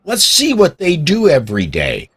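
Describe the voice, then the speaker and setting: A man's voice: a little high, huge pitch swings, normal speed, fairly bright tone, slightly rough. A man hosting a political podcast in casual talk, who starts with hesitant restarts and then builds to emphatic points. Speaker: podcast host.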